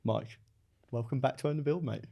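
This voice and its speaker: A man's voice: medium pitch, fairly quick, vocal fry, husky, highs cut off. A man with an English accent hosting a podcast interview, chatty and jokey, laughing often. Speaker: podcast host. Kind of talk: casual interview chat.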